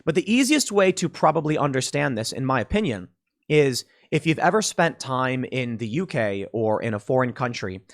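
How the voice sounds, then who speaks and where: Man from Chicago giving political commentary. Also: mid-range voice. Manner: conversational, with frequent restarts. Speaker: commentary show host.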